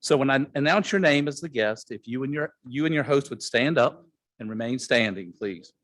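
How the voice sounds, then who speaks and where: A man's voice: mid-range voice, lively intonation, moderate pace, fairly bright tone, dry recording. Brief: nervous new member at a club meeting, male, dry and close. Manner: hesitant, with fillers. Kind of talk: reading names at a club meeting.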